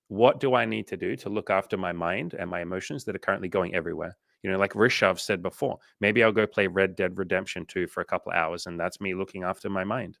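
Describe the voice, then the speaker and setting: A man's voice: sits low, steady tone, fast talker, gravelly, few pauses, fairly bright tone, no room sound, clean studio sound. A young Australian man coaching casually on a livestream, swearing freely and acting out inner voices as he talks.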